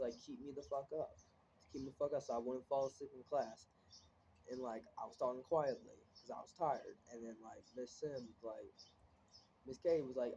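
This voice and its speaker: A teenage boy rants into a phone camera, full of filler words, restarts and frustrated swearing. His voice is mellow and dark, and the recording sounds dull and a bit muffled. A faint hiss sits underneath. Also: mid-range voice, moderate pace. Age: teens. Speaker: vlogger. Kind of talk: casual ranting vlog. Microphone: phone camera, looking down at it.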